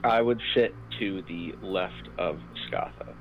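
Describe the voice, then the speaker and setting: A man's voice: low-pitched, slow, faint music behind. A man playing a tabletop game, describing his character's actions in a playful way. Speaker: player. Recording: dull lo-fi mic.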